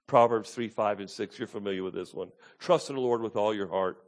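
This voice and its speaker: A man preaching a sermon, drops to low, quiet asides, then rises to loud, high, pleading tones as he voices the psalmist. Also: brisk. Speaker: pastor.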